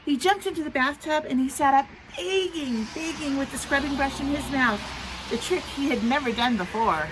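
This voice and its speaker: A woman teacher reading a picture book aloud to young children outdoors in the rain, in an expressive, sing-song storytelling manner. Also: high voice, moderate pace. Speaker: preschool teacher. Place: outdoors in the rain near a road. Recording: traffic noise from passing trucks.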